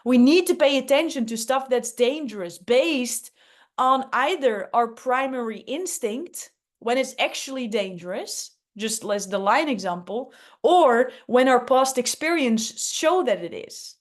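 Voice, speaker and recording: Energetic woman leading a workshop. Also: a little high, a little slow. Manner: energetic, upbeat, emphatic. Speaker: workshop host. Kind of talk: online workshop teaching.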